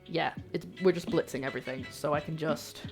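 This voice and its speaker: A woman's voice: sits low, steady tone, brisk, music in the background. A young woman chatting casually to viewers as she cooks in her home kitchen, greeting people and joking as she goes. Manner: chatty, greets viewers warmly, jokey asides. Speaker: cooking streamer. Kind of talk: casual livestream chat while cooking.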